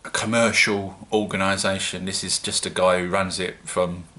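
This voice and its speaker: A man's voice: deep voice, little pitch movement, moderate pace, bright, forceful tone. A man with a British accent, chatting casually and rambling a little in a self-mocking home-brewing vlog. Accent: British English.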